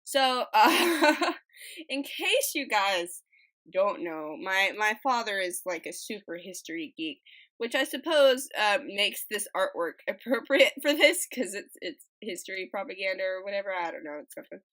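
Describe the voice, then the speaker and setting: Bright-voiced woman chatting over her art. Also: mid-range voice, animated, moderate pace, low-quality recording. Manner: rambling, giggly, restarts and trails off. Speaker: artist narrating her speedpaint. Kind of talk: casual commentary, reading posts aloud. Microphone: desk mic she keeps bumping.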